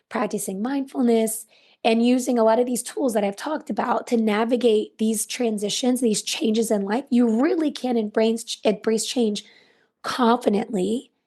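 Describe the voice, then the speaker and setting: A woman hosting a self-help podcast, earnest and repeating key phrases, her voice raspy and worn. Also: on the high side, darkish tone. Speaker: podcast host. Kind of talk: encouraging self-help monologue.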